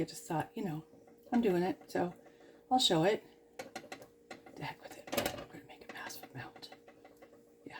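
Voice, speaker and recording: A woman's voice: mid-range voice, darkish tone, a little hiss or hum. A woman chatting casually through a cooking demonstration in her home kitchen. She is goofy and rambling, and talks to herself as she works. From Canada. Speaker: cooking vlogger.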